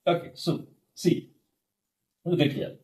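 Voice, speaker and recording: Slow-drilling man with a Telugu accent. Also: darkish tone. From India. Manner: slow, deliberate, repeats words for drilling; frequent fillers and "okay" between points. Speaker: English lecturer. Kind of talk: classroom lesson on word stress.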